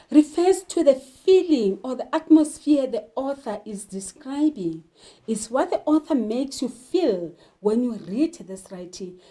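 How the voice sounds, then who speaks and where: A woman teacher explaining poetry and literature terms, slowly asking questions and answering them herself. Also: fairly high pitch, warm tone. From South Africa. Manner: slow, deliberate, poses questions then answers them. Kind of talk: literature lesson.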